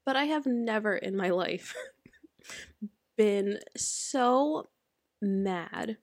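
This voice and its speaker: A woman's voice: mid-range voice, animated, drawn-out words, no echo, studio quality. A young woman chatting casually, telling stories and acting out what people said, laughing often. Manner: storytelling, acts out quotes, laughs often. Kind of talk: casual chat.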